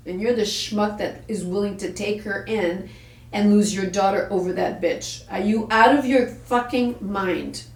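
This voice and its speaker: A woman's voice: medium pitch, a little slow. A woman hosting a parenting talk, telling a story bluntly and with profanity, acting out the voices she quotes. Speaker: parenting show host. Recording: echoey room, far from the mic.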